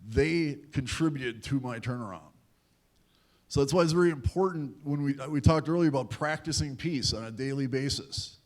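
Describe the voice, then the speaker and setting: A man's voice: medium pitch, moderate pace. A man giving a candid, self-deprecating personal talk to a young audience, acting out the voices of people in his story. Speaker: guest speaker at a youth event. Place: large event hall at a university.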